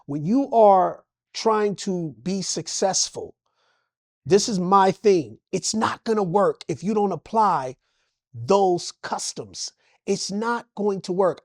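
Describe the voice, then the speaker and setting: A man with a high voice, recorded dry at studio quality, is being interviewed about his life. He's from Los Angeles and speaks with passion, breaking into preacher-like bursts and repeating phrases in what is an emotional, personal interview.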